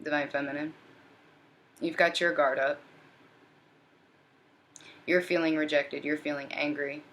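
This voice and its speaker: A desperate, anxious man keeps pleading for help, as a woman channels him in a tarot reading. The voice stays low and sinks toward a near whisper, repetitive and worn down. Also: fairly even intonation, a little slow, a bit bright. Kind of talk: channeled first-person voicing in a reading.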